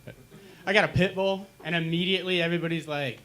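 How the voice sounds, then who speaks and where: A young man on a small lounge stage doing stand-up into a handheld mic, his voice bright and a little high for a man. He tells dark jokes deadpan and now and then acts out pained groans. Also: fast. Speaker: stand-up comedian. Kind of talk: stand-up comedy set.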